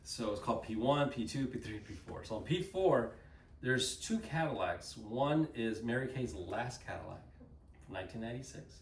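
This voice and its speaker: A man giving a casual storytelling talk to a group, animated, often laughing, and acting out the people he quotes. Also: medium pitch, normal speed, creaky. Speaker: group presenter. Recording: roomy sound from a distant mic, faint noise.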